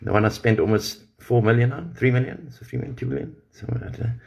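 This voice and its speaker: A man's voice: mid-range voice, fairly quick, creaky, dull audio. A man on a livestream, confronting a rival directly with an angry, profane rant.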